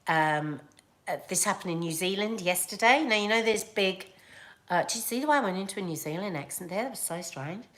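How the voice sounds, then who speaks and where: A woman's voice: medium pitch, animated, fairly quick, fairly bright tone. A woman chatting casually to camera as a vlogger, rambling with fillers and laughs.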